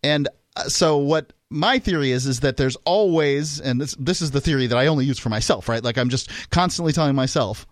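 A man's voice: medium pitch, brisk, dry recording, clean studio sound. A man co-hosting a talk radio show, thinking aloud as he explains his theories. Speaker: radio co-host.

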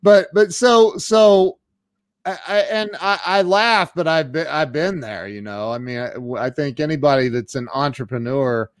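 A man's voice: fairly high pitch, a little slow, clear, resonant tone, no echo. A male host with a slightly raised voice, chatting casually with his guest. He laughs easily and stumbles into repeated restarts. The sound is dry and close. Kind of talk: casual interview chat.

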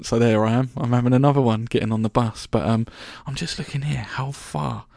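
A man's voice: mid-range voice, steady tone, fairly quick, vocal fry, few pauses, darkish tone, no room sound, clean studio sound. A young man telling a rambling, sweary story about his travels as a podcast host. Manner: chatty, rambling, sweary, full of restarts. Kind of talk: casual storytelling monologue.

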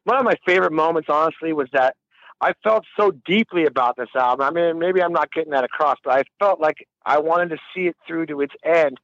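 A man's voice: on the high side, brisk, a bit bright, no room sound, lo-fi sound. A man telling a long, rambling story in a casual interview, laughing and swearing freely. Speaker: musician guest.

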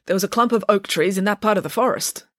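A woman's voice: mid-range voice, quick pace, no echo, studio quality, voice pushed up, close to an everyday voice. A woman voicing a male school groundskeeper who speaks in an easygoing, matter-of-fact way. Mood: mild.

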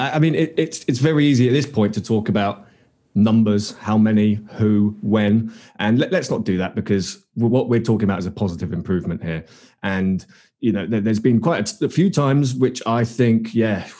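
Husky, mellow man hosting a panel. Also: fairly low pitch, normal speed. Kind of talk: casual discussion.

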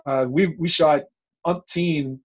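A man as a guest in an interview, telling a long story in a rambling, animated way with many restarts. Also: fairly high pitch, slow pace, husky.

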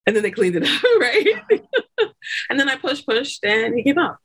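A woman guest on a podcast, telling her own story in a chatty, laughing way and acting out the people she quotes with loud, high bursts. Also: big pitch swings, normal speed, husky. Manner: chatty, laughing often, many fillers like "like" and "you know". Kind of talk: animated birth story told in casual chat.

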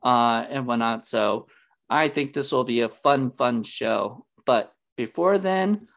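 A man hosts a casual movie podcast, talking at an average pitch. He rambles, keeps restarting sentences and leans on fillers as he goes. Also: takes it slowly, a bit bright. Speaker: podcast host.

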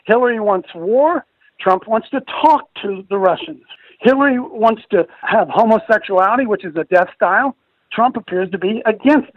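An older man, a radio host and ministry leader, presents a Christian talk show in a high-pitched voice. Preachy and emphatic, he repeats phrases for stress, and the studio recording sounds dull and dry.

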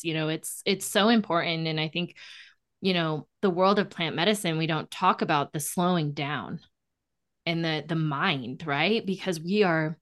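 Low-voiced chatty podcast host woman. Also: normal speed, a bit bright. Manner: rambling, many fillers and restarts. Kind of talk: casual conversational interview.

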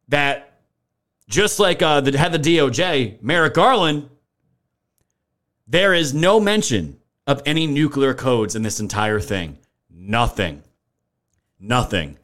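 A young man with a slightly higher-pitched voice hosts a political livestream. He talks in an indignant, emphatic way, swears freely and reads out viewers' names from the chat to thank them. His delivery is that of casual live commentary. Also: a bit bright.

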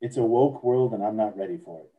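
A man's voice: lowish voice, quick pace, phone-quality sound. A man co-hosting a casual podcast chat, reading out crude slang definitions and joking along. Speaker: podcast co-host.

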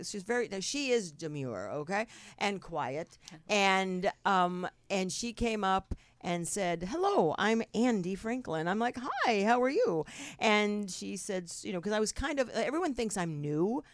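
A woman's voice: mid-range voice, expressive, unhurried, no echo. A middle-aged woman from New Jersey with a New Jersey accent, hosting a talk show in a brash, rambling, swearing style. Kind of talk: casual chat.

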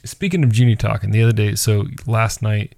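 Male podcast co-host, 30s, gravelly, dry close sound, rambling casual delivery. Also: on the low side, a little fast, darkish tone, no echo. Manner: rambling, laughs while telling stories. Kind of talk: casual chat.

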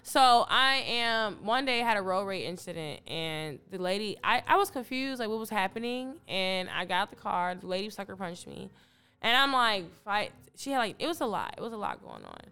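A woman's voice: mid-range voice, very animated, normal speed, pushed and bright, clean tone. A young adult woman from Detroit, a podcast guest in casual chat, telling stories animatedly and acting out her own past remarks. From Detroit, Michigan.

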